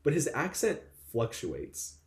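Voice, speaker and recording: A young man co-hosting a chatty podcast, gossiping with animated energy and slipping into little impressions of the people he talks about. His pitch swoops up and down all the time. The room around him sounds echoey. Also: takes it slowly. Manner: animated gossiping, acts out quotes. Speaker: podcast co-host. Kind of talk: casual chat.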